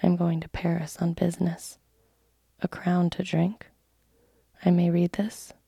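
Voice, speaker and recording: A woman voicing a calm, businesslike male bank clerk traveling by coach, in a whispered role-play. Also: on the low side, unhurried, gravelly, slightly rough, dry recording, studio quality, heavily acted. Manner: quiet, businesslike, composed.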